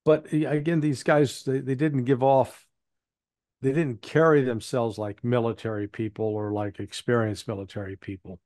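A man's voice: medium pitch, steady tone, normal speed, a little mellow, no room sound. Blunt male analyst, dry close voice. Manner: rambling, frequent restarts and fillers, blunt. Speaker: interview guest, analyst. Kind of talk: casual spoken commentary.

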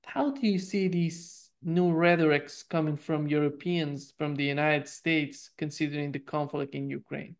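An interview host asking measured questions. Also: mid-range voice, steady tone.

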